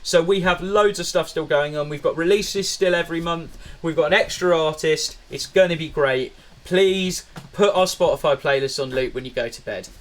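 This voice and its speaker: A man's voice: a little high, moderate pace, hardly any pauses. A man co-hosting a podcast in casual chat, rambling and jokey with lots of fillers. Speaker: podcast co-host.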